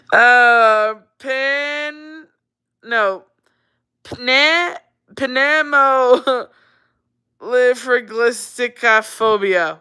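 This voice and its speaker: A woman in her thirties chats on a relaxed livestream in an unhurried way. Her voice is bright and smooth, and she laughs easily as she reads and answers viewer comments. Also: a little high. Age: 30s. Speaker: livestream host. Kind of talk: casual livestream chat.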